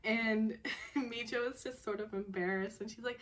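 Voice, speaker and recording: A woman's voice: on the high side, steady tone, moderate pace. A woman casually recapping a TV drama episode, rambling and laughing often as she talks.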